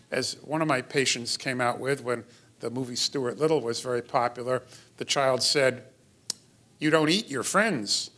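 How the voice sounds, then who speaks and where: A man's voice: mid-range voice, fairly bright tone. A middle-aged man giving a lecture in a hall as a pediatrician, explanatory with wry asides. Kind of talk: lecture to an audience.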